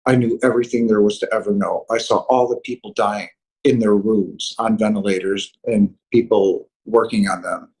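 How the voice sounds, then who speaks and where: Husky man recounting a near-death experience. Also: on the low side, fairly even intonation, darkish tone, rough recording. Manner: earnest, halting storytelling. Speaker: guest telling a near-death story. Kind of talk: emotional personal testimony.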